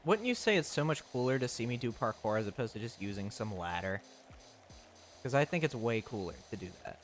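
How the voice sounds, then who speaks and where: A man's voice: medium pitch, expressive, fairly quick. Playful, jokey young streamer guy. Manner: playful, jokey, reads chat aloud and laughs often. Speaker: game streamer. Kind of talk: casual live-stream chat. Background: faint lo-fi music.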